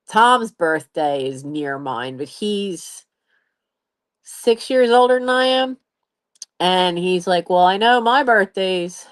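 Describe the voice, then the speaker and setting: Lively woman in her late fifties. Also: lowish voice. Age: 50s. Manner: animated, laughs often, acts out others' voices. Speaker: channel host. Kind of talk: casual live-stream storytelling.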